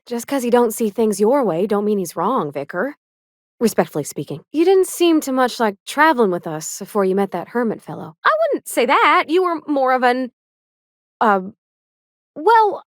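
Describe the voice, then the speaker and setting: Parvati, a shy folksy engineer. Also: female voice, on the high side, dry recording, studio quality. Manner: folksy homespun drawl, shy and kindly. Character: sweet earnest young woman ship engineer. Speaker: game companion character. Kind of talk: video game voice acting.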